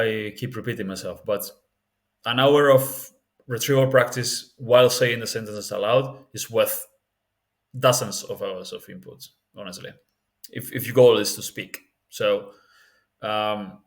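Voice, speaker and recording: A man's voice: on the low side, vocal fry. A man giving a casual spoken tutorial on learning languages, candid and rambling, often restarting his sentences.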